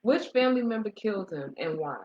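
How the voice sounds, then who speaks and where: A woman's voice: mid-range voice, expressive, a little fast, darkish tone. A woman co-hosting a casual movie review, summarizing the plot in a chatty way with restarts. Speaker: co-host of a movie review show. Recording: dull lo-fi sound.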